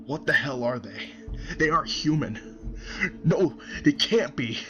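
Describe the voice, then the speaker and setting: A man's voice: fairly high pitch, unhurried, pushed and bright, dull audio, soft background music. A man voicing a terrified young male soldier writing his diary in a creepypasta reading, stammering and dropping into whispers. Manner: stammering, panicked, breaking into whispers.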